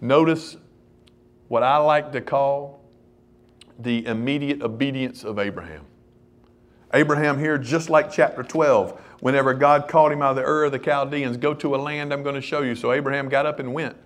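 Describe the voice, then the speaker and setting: A man's voice: mid-range voice, normal speed. A man preaching a sermon, speaking straight to the congregation and swinging his voice up and down for emphasis. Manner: animated preaching, rising and dropping his voice, addressing the congregation directly. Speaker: pastor.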